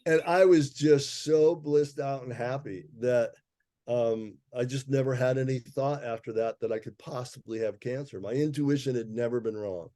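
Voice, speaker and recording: A man's voice: mid-range voice, normal speed, dark tone, no room sound, studio quality. A man, an herbalist guest, telling a personal story in a casual interview, laughing often and acting out the people he quotes.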